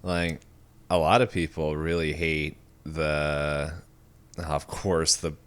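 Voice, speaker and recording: A podcast co-host in a casual chat, who pauses, loses the train of thought and laughs often. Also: very deep voice, level tone, fairly bright tone, smooth.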